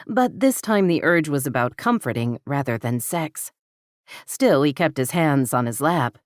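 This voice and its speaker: A woman reading an audiobook romance novel in a measured, steady manner. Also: low voice, dry recording, studio quality. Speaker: audiobook narrator. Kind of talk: scripted romance narration.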